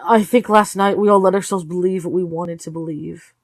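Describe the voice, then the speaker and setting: An anxious teenage girl, quiet and subdued, as a woman reads her lines in her own voice. Dry, close sound. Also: lowish voice, fairly even intonation, a little fast, no room sound.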